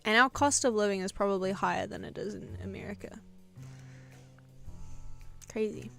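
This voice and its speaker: A woman's voice: medium pitch, normal speed, gravelly, a bit bright, faint music behind. Chatty New woman, rambling art stream. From New Zealand. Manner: rambling, self-mocking, laughs between thoughts. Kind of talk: casual chat while drawing on stream.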